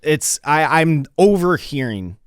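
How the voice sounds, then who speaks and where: A man's voice: fairly high pitch, big pitch swings, takes it slowly, clear, resonant tone, no room sound, studio quality. A man co-hosting a casual sports podcast, telling long rambling stories and swearing freely. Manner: rambling storyteller, swears a lot. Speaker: podcast co-host.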